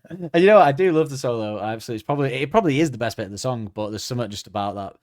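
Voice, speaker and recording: A man's voice: medium pitch, expressive, rapid-fire, a little mellow, no echo, clean studio sound. A man hosting a podcast, chatting casually and rambling with lots of fillers. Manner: rambling, hesitant, many fillers. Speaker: podcast host. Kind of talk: casual chat.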